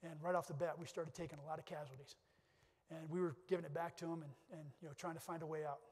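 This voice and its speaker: In a conference hall with long reverb, a middle-aged man delivers a keynote, earnestly telling personal stories and restarting his sentences many times. His voice is a little high, husky and steady in tone, and he talks fast.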